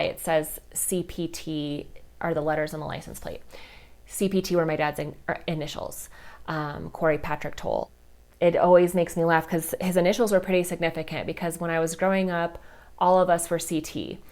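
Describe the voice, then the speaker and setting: Earnest low-voiced woman podcast host. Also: smooth. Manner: candid, heartfelt, many fillers like "like" and "you know". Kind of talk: personal storytelling podcast.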